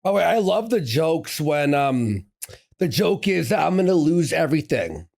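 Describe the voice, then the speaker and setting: A man's voice: on the high side, sing-song, normal speed, creaky, a little mellow. A man co-hosting a podcast, chatting casually with sarcastic asides. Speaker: podcast co-host. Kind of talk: casual reaction chat.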